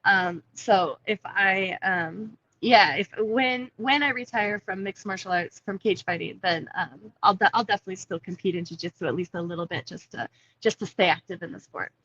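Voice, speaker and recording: A woman in her thirties talks casually over a video call from a coffee shop. Her voice is bright and forward, and the call audio comes through a little dull. She is chatty and laughs easily. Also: medium pitch, normal speed. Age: 30s. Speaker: MMA fighter guest. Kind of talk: casual interview.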